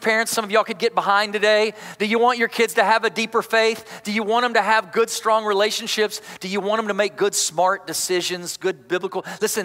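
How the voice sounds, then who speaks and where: A man's voice: sits high, bright, forceful tone. A man preaching as a pastor, emphatic and coaxing the congregation with call-outs in a large church. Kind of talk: energetic sermon. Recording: long church-hall reverb.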